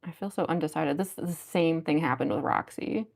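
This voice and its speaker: A woman's voice: low voice, moderate pace, vocal fry. A woman chatting casually on a livestream, reading viewer comments aloud and giggling often. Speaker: cosplayer livestreamer.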